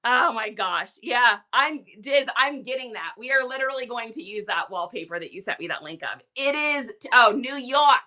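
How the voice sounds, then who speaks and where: A woman chats through a casual live selling stream in a high, bright voice. She talks loosely, laughs often and leans on "like" as a filler. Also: expressive, normal speed, hardly any pauses. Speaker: livestream seller host. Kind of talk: casual livestream chat.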